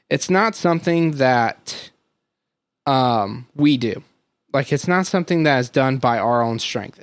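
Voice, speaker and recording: A man co-hosting a Bible podcast talks in a casual, earnest way, filling his thoughts with "like" and slowing down to stress key words. His voice sits at an ordinary middle pitch. The recording is dry and close, with no room sound. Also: no echo. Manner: earnest, thinking aloud with many "like"s and slow emphatic stresses. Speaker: podcast co-host. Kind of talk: casual Bible teaching chat.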